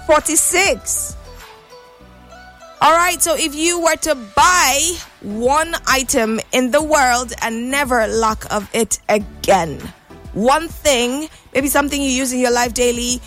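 High-pitched lady radio host, playful and teasing with callers, kinda sing-songy. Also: takes it slowly, a bit bright, soft background music. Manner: bubbly, playful, teasing, sometimes sing-song. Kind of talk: lively morning radio call-in chat.

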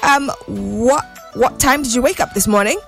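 A woman hosts a lively morning radio call-in, bubbly and playful as she teases callers and occasionally lapses into a sing-song lilt. She has a fairly high pitch, moderate pace and vocal fry, with faint music behind her.

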